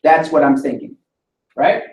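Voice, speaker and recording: A man's voice: a little high, measured pace. Man lecturing in a roomy classroom. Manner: explanatory, checks in with "right?" often. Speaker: instructor. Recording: roomy sound from a distant mic.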